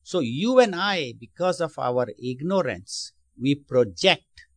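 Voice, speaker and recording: A man's voice: fairly high pitch, expressive, takes it slowly, hardly any pauses, no room sound. A man teaching a spiritual lesson in a sermon style, explaining patiently, asking his listeners questions, and often restarting his phrases. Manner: explanatory, asks the audience questions.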